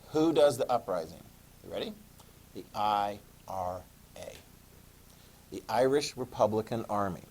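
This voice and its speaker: A man's voice: mid-range voice, a little mellow. A man teaching a history class, chatty and quizzing his students as he goes. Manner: chatty, asks the class questions. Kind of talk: classroom lecture.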